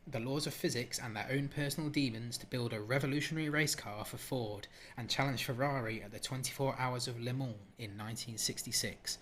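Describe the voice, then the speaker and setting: A man's voice: mid-range voice, a bit bright. Guy hosting a movie podcast, jokey, lots of uhs, faint room noise. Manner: jokey, chatty, hesitant with many uhs. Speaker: podcast host. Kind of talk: casual film chat.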